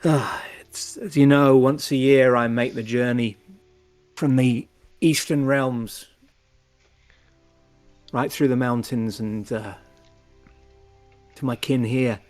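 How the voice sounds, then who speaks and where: A man's voice: mid-range voice, fairly even intonation, takes it slowly, pauses often, a little mellow, faint music behind, close to an everyday voice. A man voicing a weary, curt male dwarf messenger in a tabletop game, speaking in a guarded, tired way. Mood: grave.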